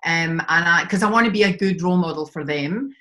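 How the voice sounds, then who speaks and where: A woman's voice: lowish voice, brisk, pushed and bright. A Glaswegian woman in her fifties, a business coach chatting as a podcast guest, with many ums and frequent laughs. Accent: Scottish, Glaswegian. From Scotland. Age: 50s. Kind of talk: podcast interview.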